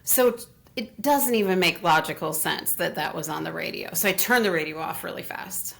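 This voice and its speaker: A woman guest in an interview, telling a long personal story in a casual, animated way with frequent laughs. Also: fairly low pitch, moderate pace, vocal fry. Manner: animated, laughs often, acts out what others said. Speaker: interview guest, Reiki teacher.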